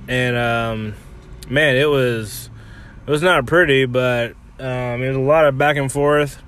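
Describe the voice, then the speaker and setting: A man's voice: medium pitch, fairly even intonation, normal speed, fairly bright tone, a little hiss or hum. A man talking casually about his golf game in a loose, rambling way, full of fillers and the odd swear word. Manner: filler-heavy, laid-back, swears casually. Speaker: amateur golfer podcaster.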